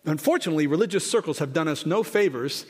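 A man's voice: animated, fast. A pastor in his forties preaching a conversational sermon with jokes and asides, lifting his voice for emphasis. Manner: rises in pitch and volume for emphasis. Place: church sanctuary. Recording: long hall reverb.

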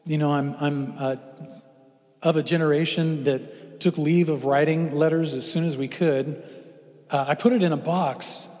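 High-voiced preacher in a ringing hall. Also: male voice, steady tone, normal speed, darkish tone. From Houston, Texas. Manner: folksy, humorous, conversational. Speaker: guest preacher. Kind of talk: storytelling sermon. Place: church sanctuary. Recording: long hall reverb.

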